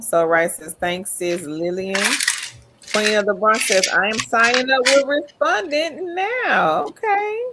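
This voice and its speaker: A woman hosts a live stream and reads her viewers' chat comments out loud one after another. She keeps it upbeat and friendly, cheering people on and calling them queen. Her voice sits a little low for a woman. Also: background noise. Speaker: livestream host.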